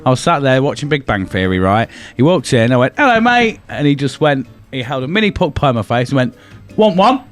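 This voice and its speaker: A man's voice: medium pitch, quick pace, few pauses, soft background music. A man hosting a comedy podcast, teasing his co-hosts and telling stories. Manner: teasing, storytelling. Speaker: podcast host. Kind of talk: casual chat.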